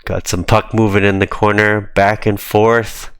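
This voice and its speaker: A man's voice: on the low side, flat delivery, unhurried, clear, resonant tone, dry recording. A man casually reviewing his hockey team's game footage, giving easygoing, amused play-by-play.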